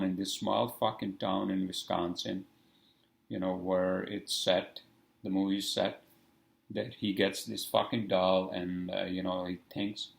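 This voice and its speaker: A man's voice: fairly low pitch, vocal fry, reverberant, poor audio. A man hosting a casual solo podcast, rambling and swearing often as he searches for words. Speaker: podcast host.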